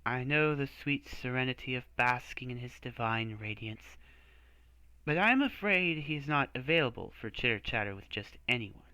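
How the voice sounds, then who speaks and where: A man voicing a pompous male high priest who talks down to visitors while reading game dialogue aloud. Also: expressive, normal speed, sharp tone, clear, resonant tone, no room sound. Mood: condescending. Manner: lofty, condescending.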